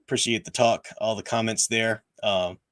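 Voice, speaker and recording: A hoarse man with a worn-out voice hosting a casual livestream, rambling with lots of restarts and fillers. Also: on the low side, fairly even intonation, normal speed, fairly bright tone. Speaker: livestream host. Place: at home, room with bookshelves.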